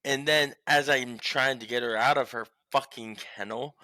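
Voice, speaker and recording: A young man co-hosting a casual sports podcast from home, telling stories in a rambling, profane, animated way. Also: fairly high pitch, moderate pace, few pauses, no room sound. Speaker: podcast co-host.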